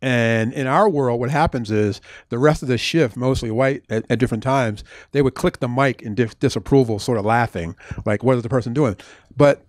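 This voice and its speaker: A man's voice: medium pitch, moderate pace, no room sound, studio quality. A man, an author and former police officer, answering audience questions at a book talk, telling stories with frequent restarts. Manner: animated storytelling with frequent restarts.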